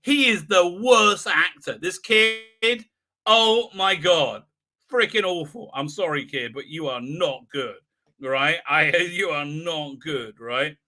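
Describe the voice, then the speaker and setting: Bright, rambling male stream host. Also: on the high side, slow pace. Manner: rambling, sarcastic, heavy fillers. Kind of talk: live-stream recap.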